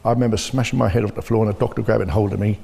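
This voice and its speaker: Man, blunt earnest testimony, husky low voice in a reverberant hall. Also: steady tone, very fast, dark tone. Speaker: bereaved father giving testimony. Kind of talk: personal testimony in conversation. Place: church. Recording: long reverb of a church hall.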